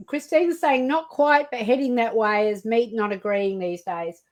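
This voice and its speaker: A woman's voice: on the high side, unhurried, poor audio. An Australian woman hosting a live cooking stream, chatting casually, reading out viewer comments and laughing easily.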